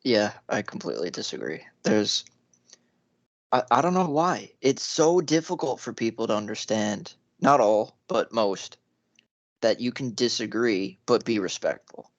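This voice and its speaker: A man's voice: lowish voice, animated, measured pace, no echo. A young man co-hosting a podcast, giving earnest opinions in casual chat and laughing between points. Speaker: podcast co-host. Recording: dry, muffled mic.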